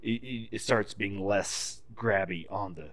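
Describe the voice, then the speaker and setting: A man's voice: on the low side, unhurried, a bit bright, no echo. A man in casual podcast chat, telling a profane story and explaining tree felling in technical detail. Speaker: podcast guest.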